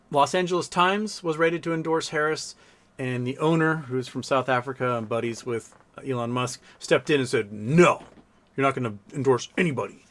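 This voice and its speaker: A man with a medium-pitched voice runs a casual live stream, reading out viewer messages. He answers them bluntly, mockingly and with plenty of profanity.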